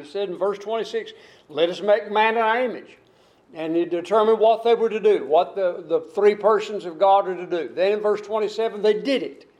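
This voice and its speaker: High-voiced older man preaching in a rambling drawl. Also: a little mellow. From United States. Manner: rambling, repeats words and restarts phrases, drawls key lines. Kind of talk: sermon.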